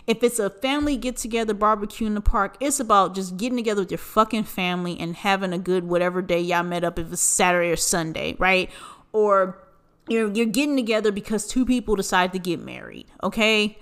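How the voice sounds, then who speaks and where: A woman hosting a casual solo podcast, ranting in a profane, animated way with big jumps in pitch for emphasis. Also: a little fast, smooth. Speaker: podcast host.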